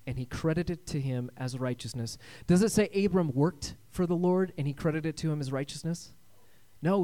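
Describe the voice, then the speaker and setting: High-voiced male pastor preaching dynamically. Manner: dynamic preaching, swinging between loud emphasis and hushed tones, asks for amens. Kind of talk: sermon.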